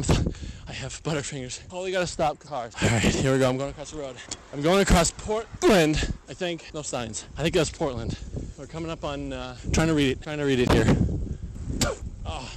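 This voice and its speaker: A man's voice: mid-range voice, brisk. A young man co-hosting, rambling goofily as he narrates his bike ride live into a handheld mic outdoors. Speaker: co-host. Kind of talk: casual chat while biking. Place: outdoors on city streets and bike paths. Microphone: handheld mic carried on a bike. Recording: loud outdoor wind noise. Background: loud wind and traffic noise.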